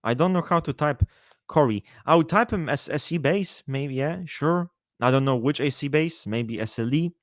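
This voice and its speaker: A man chatting casually on a live stream, answering his chat in a profane, rambling, animated way. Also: fairly high pitch, moderate pace, dry recording, clean studio sound.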